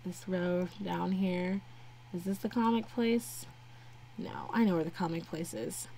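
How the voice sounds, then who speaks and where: Speaking slowly and steadily, a young woman with a fairly low, dark voice chats to her game characters during a relaxed let's-play. There's a little hiss or hum, and game music sits faintly behind her.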